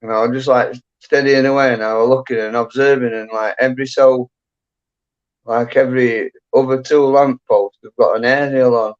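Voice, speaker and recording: A man's voice: mid-range voice, fairly even intonation, normal speed, clean tone. A man hosting a casual livestream chat from home, rambling and full of fillers. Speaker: livestream host. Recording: dull lo-fi sound.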